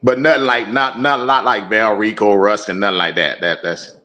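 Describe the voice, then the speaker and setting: A man's voice: fairly low pitch, steady tone, normal speed, sharp tone. A man calling in for advice, polite and deferential, answering with "yes, sir". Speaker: caller asking for advice.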